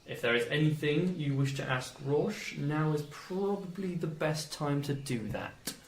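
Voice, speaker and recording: A man's voice: on the high side, measured pace, reverberant, low-quality recording. A man narrating a tabletop game as dungeon master, rambling with many fillers and self-corrections.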